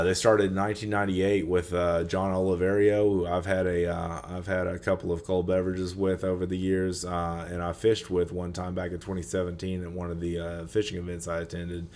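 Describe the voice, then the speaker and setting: A man's voice: sits low, steady tone, normal speed, darkish tone. A man hosting a casual solo podcast, rambling with many fillers and restarts while he is losing his voice. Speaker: podcast host. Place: fishing trade show.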